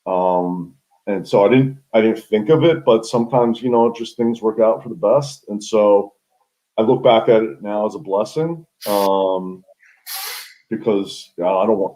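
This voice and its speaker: A man, a guest telling his story in a relaxed, rambling way in a casual interview. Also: fairly low pitch. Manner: relaxed, rambling, many restarts. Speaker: guest, sports business founder. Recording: dull lo-fi call audio.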